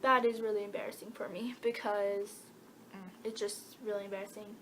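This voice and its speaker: A woman's voice: medium pitch, fairly even intonation, fairly quick, fairly bright tone, slight background noise. A teenage girl answering Q&A questions in a casual, rambling way with many fillers and giggles. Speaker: vlogger. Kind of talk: casual Q&A chat.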